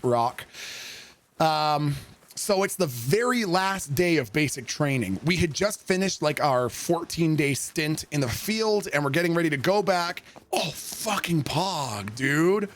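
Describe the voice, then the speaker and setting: A young man streaming a game, telling a story in a loose, animated way and swearing freely. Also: fairly high pitch, moderate pace. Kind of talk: casual storytelling while gaming.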